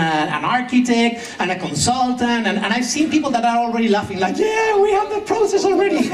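A woman giving a humorous conference talk, sarcastic and laughing often, in a large hall with a translation booth. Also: medium pitch. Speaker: conference speaker. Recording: echoey hall, mic at a distance.

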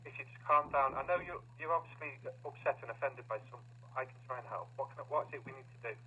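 A man working as a police call handler, calm, firm and guarded on the phone. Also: medium pitch, very fast. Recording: tinny noisy phone line.

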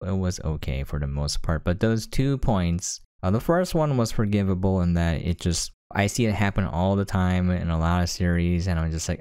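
A man's voice: deep voice, normal speed, a little mellow, clean tone, no echo, clean studio sound. A man giving a casual, sarcastic and exasperated rant as an anime reviewer.

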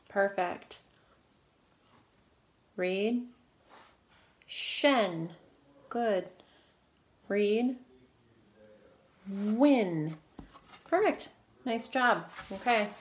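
A woman teaching a phonics reading lesson to children, prompting and praising in a slow, clear, encouraging way. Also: mid-range voice, a little hiss or hum.

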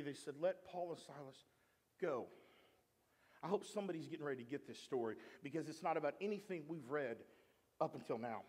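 A man preaching a sermon as pastor, animated, swinging from shouting to quiet asides. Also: on the high side, slightly rough, big-room sound. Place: church sanctuary.

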